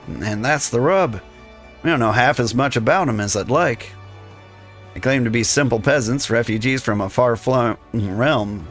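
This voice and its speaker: A man reading a gruff male rogue guild thief who talks in conspiratorial thieves' slang. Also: mid-range voice, fairly bright tone, lightly acted.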